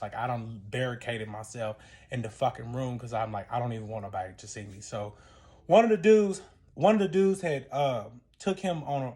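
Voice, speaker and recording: A man's voice: mid-range voice, a little mellow. A young man telling a personal story in a casual vlog. He talks in an emotional, rambling way, with lots of cursing and fillers.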